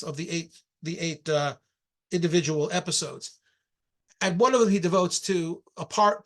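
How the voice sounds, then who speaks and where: A man's voice: high-pitched, fairly bright tone. A middle-aged man, an archaeologist, giving a public lecture with slides in a conversational way, with frequent restarts and asides.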